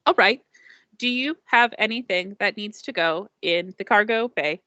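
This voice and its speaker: A woman's voice: medium pitch, normal speed, sharp tone, no room sound, lightly acted. A woman voicing an old male android ticket-taker who speaks with prim, formal courtesy. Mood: politely formal. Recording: dull lo-fi dry sound.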